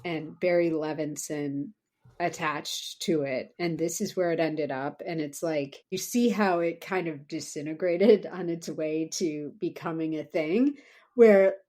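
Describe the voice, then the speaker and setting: A woman's voice: deep voice, a little slow, mellow. Wry, chatty woman podcast co-host. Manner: chatty, wry, gossipy asides. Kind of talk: casual film-talk chat.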